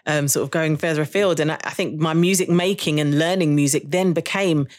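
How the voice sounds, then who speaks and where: A woman's deep, slightly mellow voice moves briskly with fairly even intonation. She's a jazz saxophonist being interviewed on a podcast, chatting reflectively about her school years and laughing a lot along the way.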